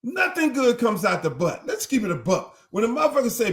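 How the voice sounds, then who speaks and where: Older guy ranting loud on his show, cussing a lot, acts out voices, highish voice. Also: fairly quick, hardly any pauses. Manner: animated, acts out others' voices, heavy cursing. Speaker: host. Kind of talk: profane commentary monologue.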